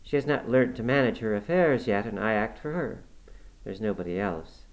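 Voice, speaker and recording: A man voicing a brisk, motherly middle-aged housekeeper who fusses over her guest. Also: on the low side, expressive, low-quality recording. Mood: bustling. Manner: brisk, fussing, hospitable. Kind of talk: audiobook character voice.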